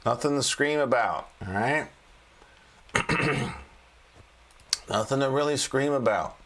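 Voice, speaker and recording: A man of middle pitch hosts a relaxed livestream about trading charts. He talks in a folksy, joking way, restarting sentences often and chatting with viewers as he goes. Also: takes it slowly. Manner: folksy and jokey, with frequent restarts and laughs. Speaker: trading coach and livestream host. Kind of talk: casual livestream chart commentary.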